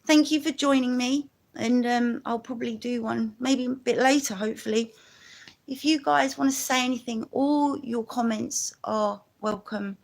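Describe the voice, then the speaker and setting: London woman, live-stream host, chatty and rambling, slightly high-pitched. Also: fairly even intonation, normal speed, gravelly. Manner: rambling and chatty, full of "you know" asides. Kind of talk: casual live-stream monologue.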